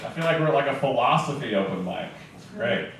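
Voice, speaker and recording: A man's voice: mid-range voice, lively intonation, fast, fairly bright tone. A man from Montana doing stand-up, telling loose stories with asides. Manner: loose, rambling storytelling with asides. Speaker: stand-up comedian. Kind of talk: stand-up set. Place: comedy club stage. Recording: echoey club taped from far off with faint hiss.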